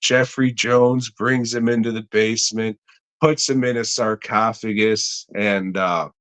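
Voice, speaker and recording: Slow, profane man recapping a movie. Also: fairly low pitch, fairly even intonation, fairly bright tone, smooth. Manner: profane, laughing, slow rambling retelling. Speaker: podcast co-host.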